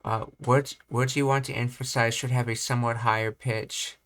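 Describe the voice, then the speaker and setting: Young man, even monotone delivery, clean smooth voice, reading study notes, pauses and restarts. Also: mid-range voice. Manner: thinking aloud, halting with restarts. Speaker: language teacher. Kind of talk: reading and commenting on study material.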